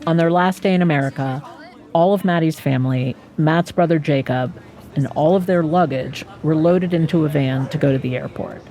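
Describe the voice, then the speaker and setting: A woman narrating a documentary and asking interview questions in a calm, measured way. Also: low voice, a faint crowd.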